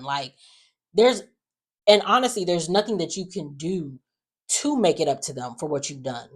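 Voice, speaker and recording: A woman's voice: fairly low pitch, big pitch swings, moderate pace. A young woman giving a chatty, slang-filled recap of soap opera episodes, trading in strong opinions.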